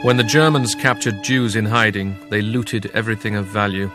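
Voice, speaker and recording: A man narrating a documentary in a measured, grave scripted delivery. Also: fairly low pitch, steady tone, over music.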